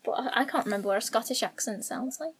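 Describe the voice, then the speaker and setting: A woman's voice: a little high, fast talker, husky. A woman co-hosting a casual podcast, firing back dry retorts and laughing often. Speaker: podcast co-host.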